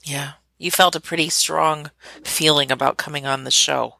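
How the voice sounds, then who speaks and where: A woman's voice: low voice, fairly even intonation, normal speed, gravelly, sharp tone, dry recording. A woman hosting a radio show, interviewing a guest with eager, encouraging questions.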